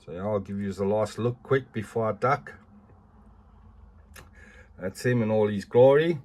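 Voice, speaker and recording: A man's voice: on the low side, unhurried, darkish tone. A middle-aged man, chatting casually as he reviews collectible figures and often ends sentences with "eh".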